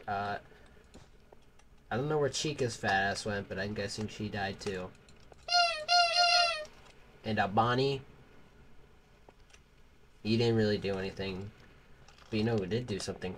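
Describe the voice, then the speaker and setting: A man's voice: on the low side, fairly even intonation, moderate pace, pauses often, noisy background. A man giving casual, crude, rambling gameplay commentary, joking with the game characters. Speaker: gaming channel host.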